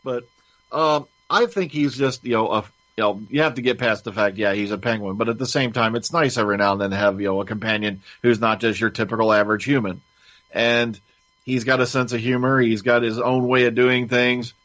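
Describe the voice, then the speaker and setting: A man's voice: medium pitch, steady tone, a little fast, fairly bright tone. A man on a review panel, chatting in an easygoing way with frequent laughs. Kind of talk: casual review chat. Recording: slightly dull lo-fi audio.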